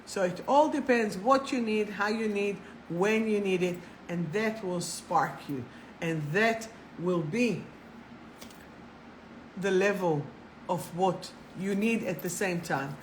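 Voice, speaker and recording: A woman's voice: medium pitch, slow, a little hiss or hum, rough recording. Chatty woman hosting a spiritual livestream. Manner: chatty, animated, laughs at herself, swears casually. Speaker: spiritual coach and live show host. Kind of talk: casual livestream talk.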